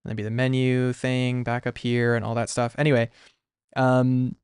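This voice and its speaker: A man's voice: mid-range voice, level tone, moderate pace, darkish tone, clear, resonant tone, no echo, clean studio sound. A young man talking casually on a livestream while he sketches, rambling with lots of "like" and restarts. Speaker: artist streaming.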